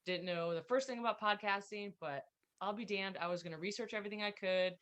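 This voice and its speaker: A woman guesting on a podcast, telling her story in a lively, upbeat way. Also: mid-range voice, fast. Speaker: podcast guest, health coach. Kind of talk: casual interview chat.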